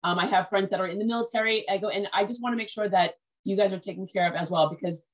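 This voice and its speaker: A woman's voice: medium pitch, fast talker. A woman hosting a podcast interview over a video call, chatty and rambling with many restarts. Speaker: podcast host. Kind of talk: casual interview chat.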